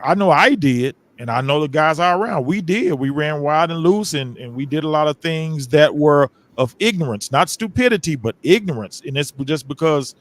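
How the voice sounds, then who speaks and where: A man's voice: on the high side, animated, normal speed, hardly any pauses, no room sound. A man speaking casually and reflectively on a podcast. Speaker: podcast guest. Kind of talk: casual chat.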